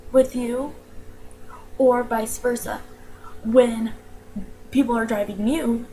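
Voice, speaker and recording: A young woman with a slight New York accent, ranting in a casual vlog, slangy and animated with lots of "like". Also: on the high side, noisy background. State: allergies, tired.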